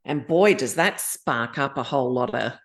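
With a bass voice and lively intonation, an Australian woman in her fifties speaks at a moderate pace. She's a podcast guest telling her story candidly, acting out her own inner voices.

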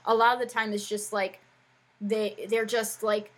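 A woman with a medium-pitched, fairly bright voice speaks at a measured pace and in a level tone, though the audio is poor. She's an educator co-hosting a casual podcast chat, rambling and chatty, with frequent "like" fillers.

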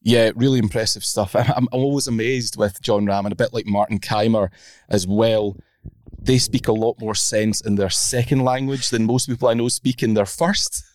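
A man's voice: fairly low pitch, fairly even intonation, moderate pace, darkish tone, no echo, studio quality. A Scottish man hosting a sports podcast, talking casually with a self-deprecating, laughing manner. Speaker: podcast host.

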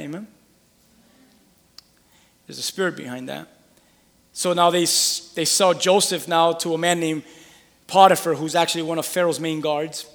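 A male preacher retelling a scripture story in an animated sermon, acting out the scenes as he goes. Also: on the high side, gravelly, long reverb tail.

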